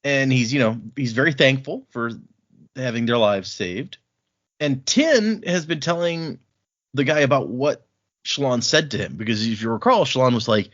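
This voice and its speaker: A man co-hosting a casual book podcast, retelling scenes and tossing in quick quoted lines with frequent laughs. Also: medium pitch, expressive, a bit bright. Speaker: podcast co-host. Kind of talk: casual book-club chat. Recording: dull lo-fi audio.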